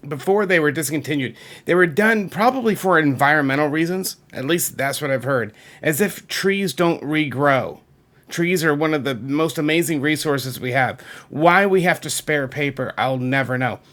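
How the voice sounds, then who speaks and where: A man's voice: a little high, normal speed, a bit bright. A man, rambling enthusiastically and a little self-deprecatingly as he shows off his music collection on video. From Massachusetts. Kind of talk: casual chat showing a CD collection.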